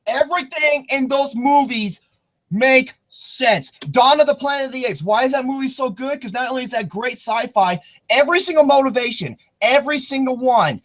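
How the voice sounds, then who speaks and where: A man hosting a casual podcast chat, excitable and rambling, swearing freely. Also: extremely high pitch, moderate pace. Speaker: podcast host.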